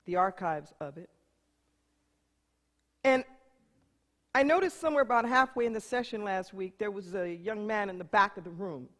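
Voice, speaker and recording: Middle-aged female pastor, deliberate slow sermon delivery, emphatic repetition, long hall reverb. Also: medium pitch. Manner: emphatic and repetitive, swinging between loud proclamation and hushed storytelling.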